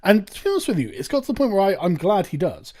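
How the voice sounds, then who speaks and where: A man's voice: high voice, sing-song, fast talker, dark tone. A man hosting a reaction commentary, ranting in a sarcastic, profane way. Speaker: commentary video host.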